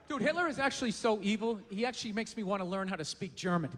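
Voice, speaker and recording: Stand-up comic, high bright voice, profane incredulous rant, live club reverb. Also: male voice, lively intonation, fast, hardly any pauses, slight background noise. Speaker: stand-up comedian. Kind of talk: stand-up comedy routine. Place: comedy club stage.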